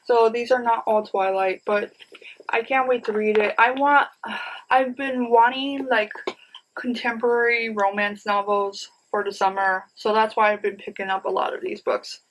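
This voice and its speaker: A woman's voice: on the high side, steady tone, moderate pace, a little hiss or hum, poor audio. A woman in her thirties chatting casually to viewers about her new books, rambling and enthusiastic, often saying "you guys.". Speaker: book vlogger. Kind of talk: casual book haul chat.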